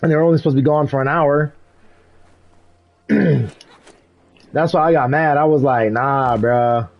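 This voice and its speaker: A young man streaming a game, chatting casually and telling animated stories with frequent laughs and slang. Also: fairly high pitch, unhurried, creaky, dull audio. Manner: animated storytelling, laughs often, swears, says "bro". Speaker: gaming streamer. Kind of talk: casual live-stream chat while gaming.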